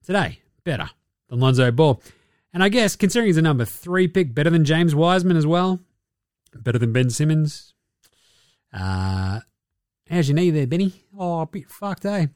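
A man's voice: on the high side, lively intonation, normal speed, long pauses, darkish tone, dry recording, clean studio sound. An Australian man hosting a podcast, giving a sarcastic, profane basketball recap. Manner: sarcastic, swears freely. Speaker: podcast host.

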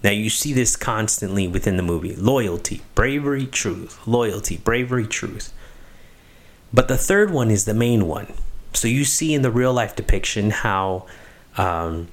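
Man, lowish voice, moralizing talk; stresses key words, stumbles and restarts. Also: animated. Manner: emphatic, lingers on key words; halting, with restarts and fillers. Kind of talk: moral reflection on a film.

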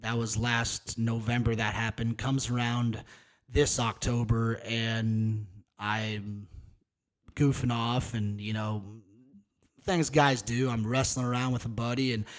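A man's voice: medium pitch, level tone, slow. A man in his thirties hosting a solo podcast, talking in a candid, rambling, profane and casual way. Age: 30s. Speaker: podcast host.

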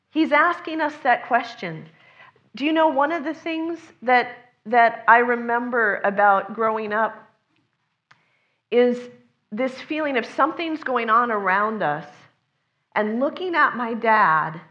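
A preacher, a woman whose voice sits a little high, gives a sermon in an earnest, conversational way, expressive, a little slow and fairly bright in tone. She occasionally shifts into other people's voices when quoting them, and the recording is slightly dull and lo-fi.

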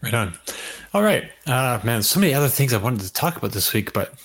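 A man hosting a podcast, chatting casually and reading the show's sign-off in a brisk, friendly way. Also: medium pitch, big pitch swings, fairly bright tone, breathy edge. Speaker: podcast host. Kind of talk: casual chat and show sign-off.

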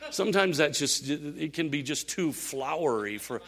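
An older man preaching a sermon, telling animated stories with laughs and asides. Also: on the high side, normal speed. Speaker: pastor.

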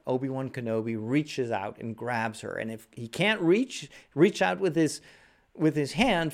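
A man's voice: mid-range voice, creaky. A man giving casual spoken commentary, thoughtful and loose, with frequent fillers and restarts.

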